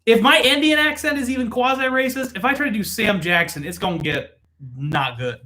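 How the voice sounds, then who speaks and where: A man's voice: very high-pitched, expressive, fairly quick, pushed and bright. A man hosting a casual drink-tasting chat, joking and swearing freely. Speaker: host.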